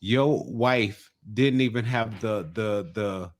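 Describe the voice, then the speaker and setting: A man with a New York accent and a fairly low voice speaks slowly as he co-hosts a podcast recapping a reality show. He's an animated storyteller who acts out people's lines as he goes.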